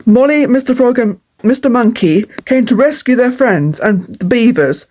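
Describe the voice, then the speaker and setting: An earnest reader telling a storybook tale aloud, in plain, simple phrasing at an even, mid-height pitch. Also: moderate pace.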